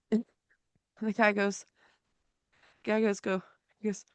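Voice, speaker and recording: A woman's voice: medium pitch, steady tone, slow pace, long pauses, fairly bright tone, clear, resonant tone, dry recording. A woman who works as a paralegal, telling a courtroom story in casual, profane chat and laughing as she goes. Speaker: podcast host.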